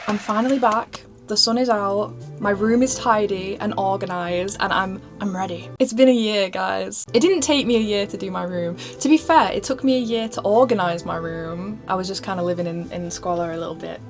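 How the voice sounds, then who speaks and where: A woman's voice: medium pitch, moderate pace, hardly any pauses. A woman vlogger giving a chatty, self-deprecating tour of her attic bedroom, rambling into casual asides. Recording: background music under the voice. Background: background music.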